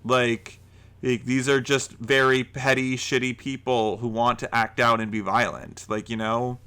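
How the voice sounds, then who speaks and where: A man's voice: medium pitch, flat delivery, measured pace, pushed and bright, clear, resonant tone. A man co-hosting a casual podcast chat, rambling with many fillers and restarts. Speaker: podcast co-host.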